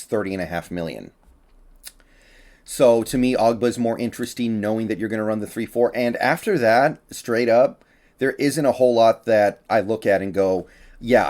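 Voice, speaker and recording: Male sports commentator, casual solo talk, lowish voice, slightly winded, opinionated. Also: a little mellow. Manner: chatty, opinionated, with frequent fillers and restarts. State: a little out of breath.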